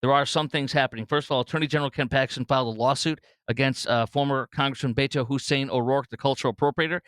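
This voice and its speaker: A man's voice: medium pitch, steady tone, fast, a bit bright, clear, resonant tone, no room sound. A man hosting a political talk show, rambling through commentary with many fillers and restarts.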